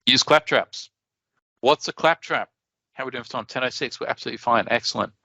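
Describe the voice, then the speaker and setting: An Australian man giving a conference talk in a chatty, animated way, often restarting his sentences. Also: medium pitch, fast talker, no echo, dull audio. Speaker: conference presenter.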